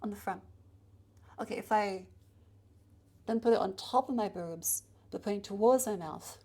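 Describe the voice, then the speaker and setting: A chatty woman streamer runs through a microphone test, moving a handheld mic closer to and farther from her mouth. Her pitch is ordinary and mid-range for a woman, a little mellow, and at a moderate pace she casually narrates each step as if to a live chat.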